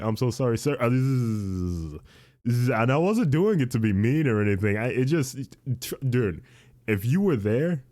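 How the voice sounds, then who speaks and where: Young male podcast host, deep-ish and soft-toned, loose rambling chat. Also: dry recording. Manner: rambling, repeats himself, says dude a lot. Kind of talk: casual chat.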